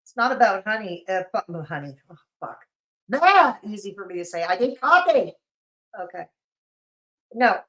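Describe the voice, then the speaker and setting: A woman's voice: medium pitch, very animated, a little slow, fairly bright tone. A woman hosting a livestream in casual chat, sarcastic and mocking, her voice a little off and sleepy. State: voice feels off, sleepy. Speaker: livestream host.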